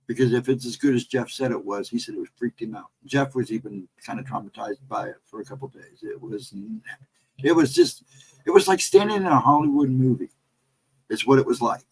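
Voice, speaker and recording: A middle-aged American man hosting a casual livestream, telling a story in a rambling, animated way and reading out chat messages. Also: medium pitch, creaky, breathy edge, low-quality recording. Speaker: livestream host.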